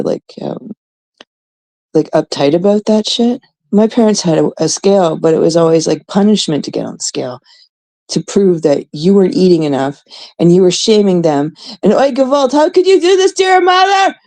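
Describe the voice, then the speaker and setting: A woman's voice: fairly low pitch, moderate pace, dark tone, low-quality recording. A woman in her thirties, a host from Canada, telling a rambling, casual story full of swearing and quoted voices. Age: 30s.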